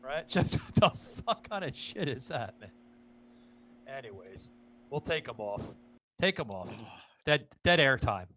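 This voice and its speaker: A man's voice: mid-range voice, sing-song, measured pace, long pauses, bright, forceful tone, slight background noise. A man co-hosting a podcast, telling a long story in crude casual chat, full of fillers and swearing. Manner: rambling storyteller, heavy swearing, many fillers. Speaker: podcast co-host.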